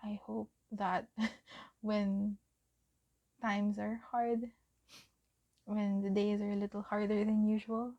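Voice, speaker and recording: A young woman from the Philippines giving a gentle pick-a-card tarot reading, often dropping to a whisper. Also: mid-range voice, little pitch movement, slow, long pauses, lo-fi sound. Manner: gentle, soft-spoken, often drops to a whisper. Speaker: tarot reader.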